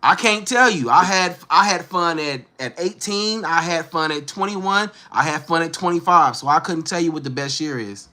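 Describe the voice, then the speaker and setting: A man's voice: fairly high pitch, normal speed, few pauses, sharp tone. A man in his thirties from Northern California with a Northern Californian accent, chatting casually and slangily with viewers on a livestream. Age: 30s. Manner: laid-back, slangy, talks straight to viewers. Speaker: livestream host. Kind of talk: casual live chat answering viewers.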